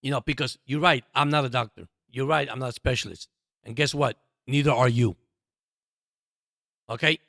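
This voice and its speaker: A man's voice: mid-range voice, normal speed, vocal fry, pauses often, a bit bright, no room sound, clean studio sound. A man hosting a sports podcast, talking straight to his listeners in an emphatic, repetitive monologue. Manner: emphatic, repeats himself, addresses listeners as guys. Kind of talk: passionate sports commentary monologue.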